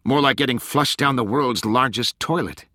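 A cool, wry woman with a dry sense of humor, as a man puts her on. The voice rises a little above the narrator's, bright and close, with a cold edge to the delivery. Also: mid-range voice, moderate pace, no echo, pitched above the performer's own voice, close to an everyday voice.

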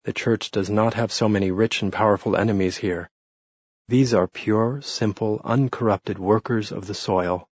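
A man voicing a cool, sarcastic Bavarian lawyer in an audiobook, with a husky, dry delivery. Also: fairly low pitch, steady tone, normal speed, darkish tone, no room sound, dull audio. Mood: sardonic.

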